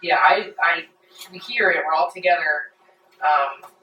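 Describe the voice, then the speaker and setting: A young man taking part as a player, speaking hesitantly with halting restarts. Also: on the high side, bright, forceful tone. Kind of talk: casual tabletop play. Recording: echoey room, far from mic.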